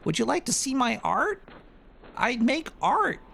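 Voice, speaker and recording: A man's voice: very high-pitched, sing-song, unhurried, creaky, a bit bright, slight background noise, voice pushed up, full character voice. A man putting on the voice of a gushing, girlish young woman messaging strangers online. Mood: sugary.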